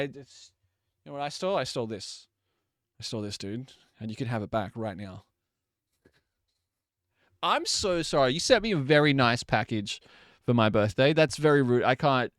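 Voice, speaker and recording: A man chats to his live audience from his home desk, cracking jokes and swearing freely. His voice sits at an ordinary middle pitch. The sound is dry and close, with no room echo. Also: clean tone. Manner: joking, swears freely, laughs often. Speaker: live streamer. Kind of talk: casual live-stream chat. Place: home desk while baking.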